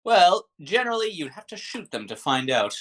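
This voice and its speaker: A game master voicing a polite male shopkeeper who sells weapons, talking in a formal, halting sales patter. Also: medium pitch, big pitch swings, voice pushed up. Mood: salesy.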